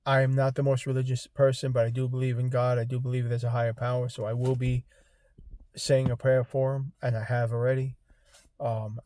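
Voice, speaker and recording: A man in his fifties, making a heartfelt vlog appeal to his viewers, halting and choked up, fighting back tears. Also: medium pitch, dark tone, no echo. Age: 50s. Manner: halting, many ums and restarts. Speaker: vlogger. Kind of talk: emotional personal vlog appeal.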